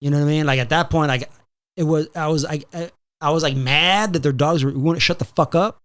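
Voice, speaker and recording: Man, podcast host, slightly high voice, casual storytelling, profane, animated. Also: brisk. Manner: profane, animated storyteller, mixes in Spanish phrases.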